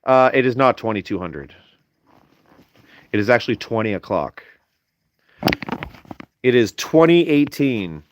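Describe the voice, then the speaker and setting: A man's voice: mid-range voice, expressive, a little slow, pauses often, noisy background. Playful, teasing young man streamer. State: sleepy. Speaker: live streamer reading chat. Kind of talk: casual late-night stream chat.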